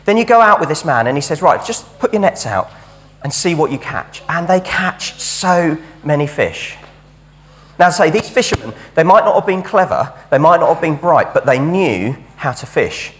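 A man's voice: fairly high pitch, lively intonation, normal speed, a bit bright, slight background noise. A man giving a chatty, jokey sermon at a church camp service. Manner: chatty and jokey, leading a game with helpers. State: out of breath. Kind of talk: lively all-age sermon.

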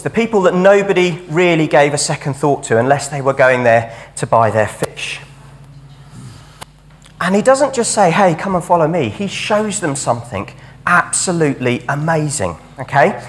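A man's voice: a little high, a bit bright. A man giving a chatty, jokey sermon at a church camp service. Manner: chatty and jokey, leading a game with helpers. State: out of breath. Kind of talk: lively all-age sermon.

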